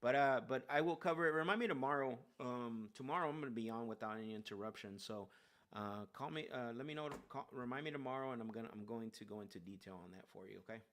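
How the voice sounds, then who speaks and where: A man's voice: medium pitch, quick pace, fairly bright tone. A man hosting a casual livestream from his car, making live sales calls in an upbeat, loose way with many fillers. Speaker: real estate sales caller and host.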